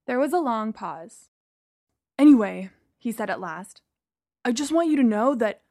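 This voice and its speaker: A woman's voice: on the high side, expressive, unhurried, long pauses, warm tone, no room sound, studio quality. A woman reading a first-person story aloud, acting out the dialogue. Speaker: narrator.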